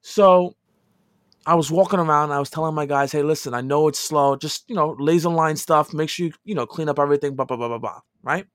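A middle-aged man casually telling a long personal story, dropping to quiet asides and rising to loud, emphatic lines. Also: on the high side, a little fast, no room sound, clean studio sound. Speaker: podcast co-host telling a story.

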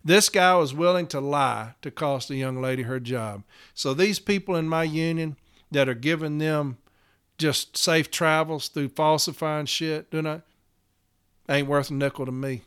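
A man's voice: a little high, measured pace, a bit bright, clean tone. A man telling a work story in a casual podcast as a union representative, blunt and emphatic, swearing freely.

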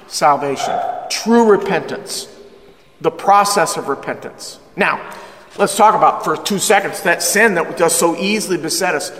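Bright, energetic middle-aged male pastor. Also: high voice, long reverb tail. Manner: energetic, humorous, emphatic preaching, slowing down for scripture. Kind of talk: sermon. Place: church.

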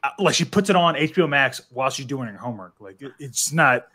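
A man in his thirties on a podcast panel, talking excitedly in casual chat and saying "dude" and "like" a lot. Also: mid-range voice, fast.

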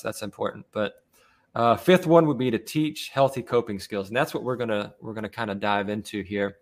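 A man hosting a casual podcast discussion among fathers, talking earnestly with many fillers and restarts. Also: fairly low pitch. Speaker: podcast host leading discussion.

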